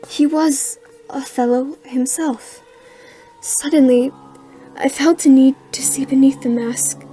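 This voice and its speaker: A woman playing a young woman who recounts a terrifying captivity in hushed, haunted narration. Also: high voice, fairly even intonation, a little slow, soft background music. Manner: hushed, haunted recounting, rising into frantic cries. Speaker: actress narrating in a student short film. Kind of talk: dramatic storytelling narration.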